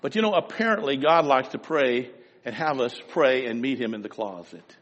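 Pastor preaching in a reverberant hall. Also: male voice, mid-range voice, expressive, moderate pace, lo-fi sound. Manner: storytelling, swings from loud emphasis to hushed asides. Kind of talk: sermon.

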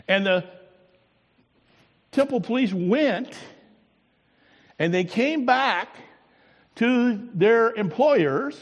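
A husky-voiced man preaches a slow, deliberate sermon in a church sanctuary, his words trailing off into a long hall reverb. He swings from booming emphasis down to near-hushed lines, stretching out key words. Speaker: pastor.

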